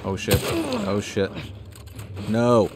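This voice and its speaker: A man's voice: fairly low pitch, fairly even intonation, slow pace, music in the background. A man doing casual, rambling let's-play commentary, chatting with his viewers and mocking himself while he plays. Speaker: gaming streamer. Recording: noisy stream audio with game sounds.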